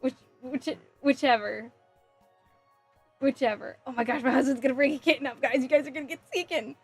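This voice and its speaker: A woman with a slightly high voice chats casually on a live stream from home, giggling often and thinking out loud as she reads comments. Faint music plays quietly behind her. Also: fairly even intonation, fast, breathy edge. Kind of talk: casual live-stream chat, reading chat aloud.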